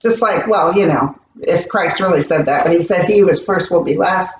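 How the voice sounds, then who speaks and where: A woman's voice: on the low side, fairly quick, slight background noise. Earnest woman medium in a roomy room. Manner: earnest, animated storytelling. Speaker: psychic medium guest. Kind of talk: interview conversation. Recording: roomy, distant, dull recording.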